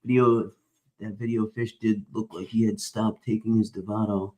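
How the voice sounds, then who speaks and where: A man's voice: lowish voice, flat delivery, moderate pace, dark tone. A man hosting a stream, rambling in casual chat, swearing constantly and filling gaps with uh and whatchamacallit. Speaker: stream host.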